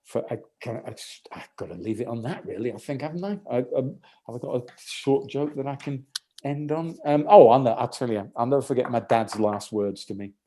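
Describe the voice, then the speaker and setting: A man doing a rambling stand-up set, telling a long story in a halting, deadpan way full of restarts. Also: medium pitch. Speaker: stand-up comedian.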